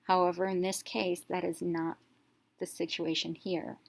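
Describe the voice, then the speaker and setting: Woman teacher explaining step by step, slightly low voice. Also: little pitch movement, a little slow, creaky. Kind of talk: instructional narration.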